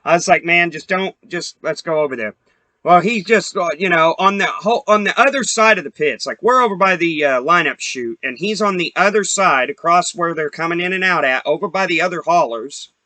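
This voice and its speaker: A man's voice: high-pitched, fairly quick, hardly any pauses, sharp tone, dry recording. A young man hosting a podcast, telling a story in a profane, heated, rambling way. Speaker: podcast host. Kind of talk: casual storytelling rant.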